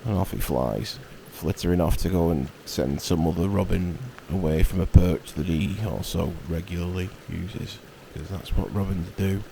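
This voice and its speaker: A man with a Northern English accent telling a meditative bedtime story in a relaxed, rambling way, with jokey asides. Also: low voice, moderate pace, gravelly, hardly any pauses, slight background noise. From Northern England.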